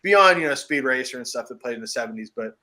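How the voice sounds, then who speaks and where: American male co-host, bright tone, animated and jokey, casual chat. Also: medium pitch, quick pace. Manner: animated, jokey, laughs often. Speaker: podcast co-host. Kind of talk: casual chat about horror movies.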